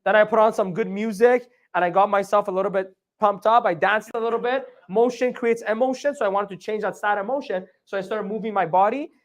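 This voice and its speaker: Animated male motivational speaker. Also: high-pitched, fairly quick, few pauses. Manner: animated, asks the audience questions, acts out his inner dialogue. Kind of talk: live training talk to an audience.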